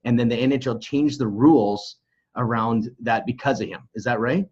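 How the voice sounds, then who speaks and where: A laid-back man hosting a podcast, chatting casually and laughing easily. His voice is husky and a little breathy, and the recording sounds dull and lo-fi. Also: mid-range voice, normal speed, darkish tone. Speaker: podcast host. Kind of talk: casual interview chat.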